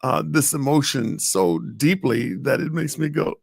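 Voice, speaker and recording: A man co-hosting a casual talk show, playful and halting, with many restarts as he reads live comments. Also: mid-range voice, animated, vocal fry, dry recording, clean studio sound. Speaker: podcast co-host.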